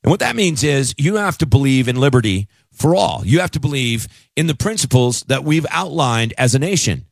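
A man's voice: medium pitch, expressive, moderate pace, creaky, hardly any pauses, no echo. A man hosting a conservative talk radio show, delivering an emphatic, conversational monologue into a studio mic.

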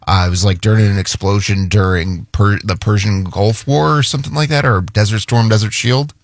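A male radio co-host telling an anecdote in loose, halting casual banter. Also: lowish voice, no room sound. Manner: rambling anecdote with halting restarts.

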